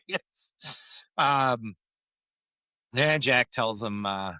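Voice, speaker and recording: Podcast co-host, man, lively up-and-down delivery, bright tone, dry close mic. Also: medium pitch, extremely slow, pauses often, dry recording. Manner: animated retelling, quoting lines with frequent laughs. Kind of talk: casual recap chat.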